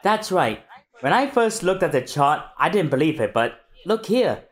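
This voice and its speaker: Laid-back co-host with a wry edge, chatting and reading aloud with a lively pitch. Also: normal speed. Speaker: podcast co-host. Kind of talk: casual chat, reading manga aloud.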